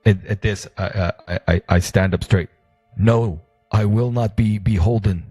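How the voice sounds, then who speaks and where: A man with a gravelly voice playing a character in a tabletop game. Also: on the low side, measured pace, warm tone, dry recording, faint music behind. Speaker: player.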